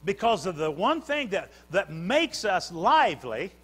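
A fervent preacher with a strikingly high, lively voice that swings up and down as he drives home repeated phrases. His tone is bright and forceful from the pulpit. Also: unhurried, husky. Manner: preaching with rising fervor and repetition. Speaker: pastor. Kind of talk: sermon.

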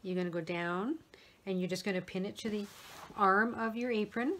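A middle-aged woman explaining a sewing project step by step in a relaxed manner, talking while she works with her hands. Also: mid-range voice, moderate pace, slight background noise. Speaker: sewing tutor. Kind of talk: step-by-step craft tutorial.

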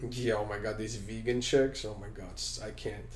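A man co-hosting a casual podcast, laid-back and quick to laugh as he chimes in. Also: lowish voice, steady tone, roomy sound, a little hiss or hum. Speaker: podcast co-host.

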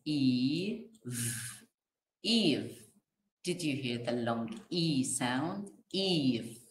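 Slow, lilting kindergarten teacher, a woman. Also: a bass voice, lively intonation, roomy sound. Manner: slow, sing-song sounding out of letters for small children. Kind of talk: classroom phonics lesson.

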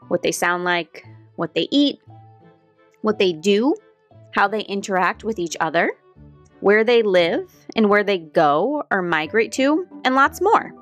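A woman teaching a children's lesson about birds, speaking cheerfully and clearly to young kids. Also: medium pitch. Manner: soft, calming guided breathing. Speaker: kids activity instructor.

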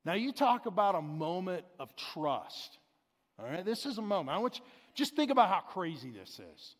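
A man's voice: high-pitched, big pitch swings, normal speed. A pastor preaching a sermon in a conversational, explanatory way, paraphrasing scripture as he goes. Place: large church sanctuary. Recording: long hall reverb.

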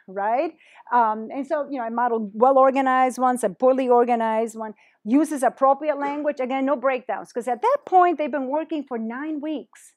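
Animated woman presenting a teaching workshop. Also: sits high, normal speed. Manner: animated, switches into Spanish phrases. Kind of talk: teacher training talk.

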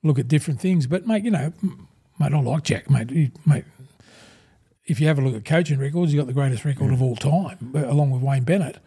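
Husky-warm Australian man, mate-peppered yarns. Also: medium pitch, fairly quick. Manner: rambling, calls the host 'mate' constantly, acts out old conversations. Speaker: guest, former rugby league front rower. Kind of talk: casual storytelling interview.

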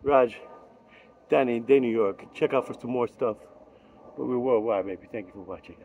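Rowdy, gravelly vlog host. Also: male voice, medium pitch, normal speed, darkish tone, slight background noise. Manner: rowdy, profane, hyped, rambling. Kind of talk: rambling casual outro.

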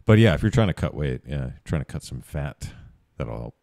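A man's voice: a bass voice, sing-song, a little fast, creaky, a little mellow, no echo, clean studio sound. A man hosting a reaction video, chatting casually and rambling off into asides with small laughs. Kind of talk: casual commentary.

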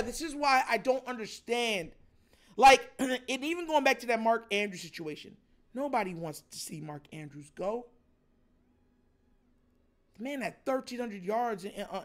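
A man hosting a sports show, ranting in animated, filler-heavy commentary about his team. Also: very high-pitched, moderate pace. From Jamaican family.

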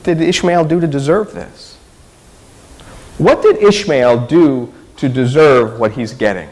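A man's voice: mid-range voice, lively intonation, a little slow, darkish tone, big-room sound. A man preaching a sermon in a conversational way, often asking his listeners rhetorical questions. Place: church sanctuary.

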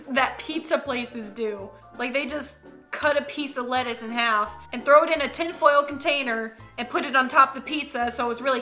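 A woman's voice: fairly high pitch, sharp tone. A woman hosting a casual reaction video, laughing often between lines and reacting with exaggerated disgust. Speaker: YouTube host.

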